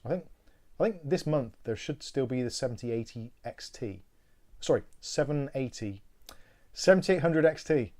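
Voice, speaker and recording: A man's voice: medium pitch, dark tone. Chatty British man hosting a tech stream. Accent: British English. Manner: chatty, rambling, thinks aloud with many ums. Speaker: tech support livestream host. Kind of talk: casual live-stream chat.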